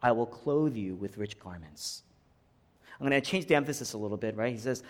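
A man preaching a sermon, swinging from hushed low passages to loud, rising climaxes. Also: normal speed. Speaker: pastor. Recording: long hall reverb.

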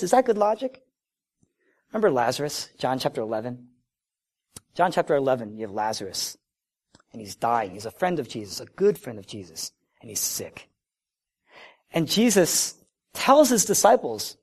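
A man with a somewhat high voice preaches a sermon with a lively, animated delivery. He pushes up loud for emphasis, then drops low and quiet to drive a point home. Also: moderate pace, pauses often. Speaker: pastor.

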